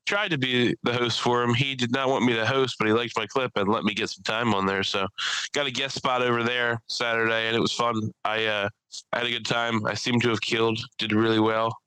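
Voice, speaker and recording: A man telling rambling, profane stories in a loose podcast chat, often laughing at his own tales. His voice is bright and forceful, smooth and crisp, recorded dry and close. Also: mid-range voice, flat delivery, fairly quick, no echo, poor audio. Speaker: podcast host and stand-up comedian. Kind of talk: casual storytelling chat.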